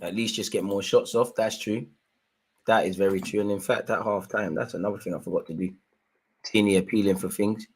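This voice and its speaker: Excitable man reacting live to football. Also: on the low side, fairly quick, slightly rough. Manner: animated, slangy, shouts at the referee in bursts. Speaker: live match watchalong host.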